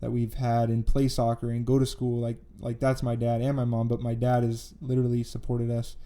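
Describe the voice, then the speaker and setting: A man's voice: medium pitch, completely flat delivery, fairly quick, mellow. A young man, a business founder, talking earnestly in a casual interview with many fillers and repeated phrases.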